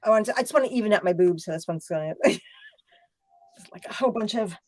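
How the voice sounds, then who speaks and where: A woman's voice: mid-range voice, animated, fast talker, a little mellow, no room sound. A woman hosting a casual live chat while crafting, giggly and teasing, laughing often. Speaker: livestream host.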